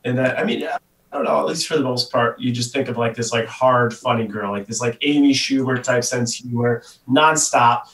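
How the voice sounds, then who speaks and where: A man's voice: medium pitch, fairly bright tone. Thoughtful man with a roomy, distant sound. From Buffalo, USA. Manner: thoughtful, measured, with many fillers. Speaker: guest. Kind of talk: casual podcast chat.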